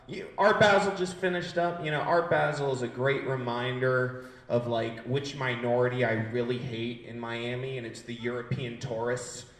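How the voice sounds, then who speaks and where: 20something guy doing stand-up, crude and brash, mid pitch, roomy echo on the mic. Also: steady tone, moderate pace. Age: 20s. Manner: brash, profane, riffing with the crowd. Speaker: stand-up comedian. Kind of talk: stand-up comedy set. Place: gallery space used as a comedy stage.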